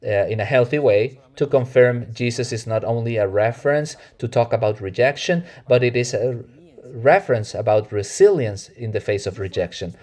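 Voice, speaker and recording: Earnest preacher, Mexican Spanish accent. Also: male voice, medium pitch, expressive, darkish tone. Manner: earnest, measured preaching with self-corrections. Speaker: pastor. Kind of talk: sermon.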